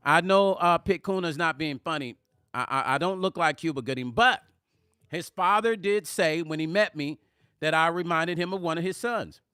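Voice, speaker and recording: A middle-aged man chats casually on a live music stream, reading out viewer comments and answering them. His voice is bright, clear and a little high, and it sits close and dry with no room sound. He talks with animated emphasis and often repeats himself to press a point. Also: moderate pace, dry recording. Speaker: music vlogger hosting a livestream.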